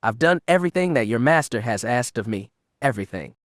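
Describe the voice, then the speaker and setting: A self-important, ambitious male magistrate complains of his lot in an aggrieved tone, as the narrator plays him. His voice sits at an ordinary middle pitch, recorded close and dry. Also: animated, a little fast, fairly bright tone, dry recording, natural voice.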